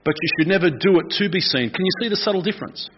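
An Australian man, a pastor, giving a lively, conversational sermon and asking the congregation questions. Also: high-pitched, racing, husky, lo-fi sound.

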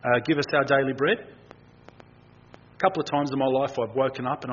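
A middle-aged man preaching a lively, conversational sermon in a church, acting out people's inner voices. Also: mid-range voice, normal speed, pauses often. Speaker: guest preacher. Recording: dull, slightly noisy recording.

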